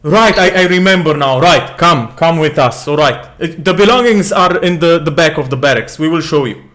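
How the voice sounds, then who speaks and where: A man's voice: fairly high pitch, fairly bright tone, close to an everyday voice. A man playing a stammering, flustered city guard. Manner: stammering, hurried. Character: flustered male city guard, nervous and eager to obey.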